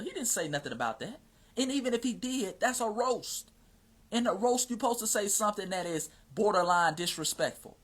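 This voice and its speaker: A man's voice: on the high side, big pitch swings, brisk, fairly bright tone. An American man hosting a casual livestream, talking emphatically in slangy speech and often checking in with his listeners. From United States. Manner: emphatic and slangy, often asks "you see what I'm saying". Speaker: livestream host. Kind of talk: casual livestream talk answering questions.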